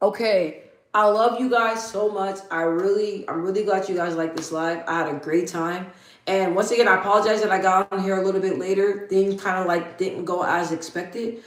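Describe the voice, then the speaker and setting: A woman's voice: mid-range voice, fairly even intonation, normal speed. A young woman hosting a casual livestream, laughing often and chatting with her viewers as she reads the chat. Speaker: livestream host. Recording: echoey room.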